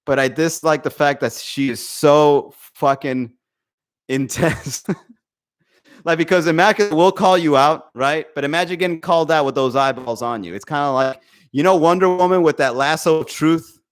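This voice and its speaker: Hosting a comedy podcast, a man casually chats with his stream, rambling, swearing freely and laughing a lot. His voice is on the high side, clear and resonant, at normal speed.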